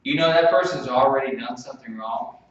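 Male pastor, mid pitch, preaching with loud bursts and soft drops; heavily echoey hall, distant dull mic. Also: fairly quick. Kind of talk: sermon.

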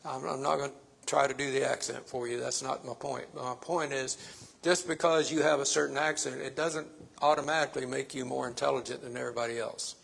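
A man's voice: medium pitch, steady tone, fairly quick, creaky, a bit bright, breathy edge. A man preaching a sermon, stressing his points by repeating phrases.

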